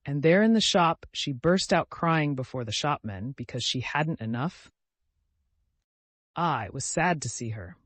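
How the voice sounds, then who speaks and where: A man's voice: fairly high pitch, expressive, a little slow, fairly bright tone, no echo. A man voicing a timid, devout young woman who speaks in an earnest, pleading, distressed way.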